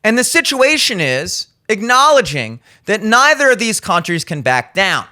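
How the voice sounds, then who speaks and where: Blunt, high-voiced man ranting. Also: big pitch swings, normal speed, sharp tone. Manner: blunt, profane, acts out quoted lines. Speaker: podcast host. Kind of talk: opinionated commentary. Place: studio.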